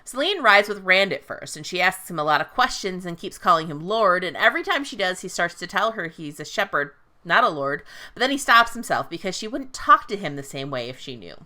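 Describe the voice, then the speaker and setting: A woman's voice: lowish voice, sing-song, fairly quick, few pauses, pushed and bright. A woman casually recapping a fantasy novel on a podcast, swearing freely and paraphrasing characters in a playful, irreverent way. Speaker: podcast host recapping a book.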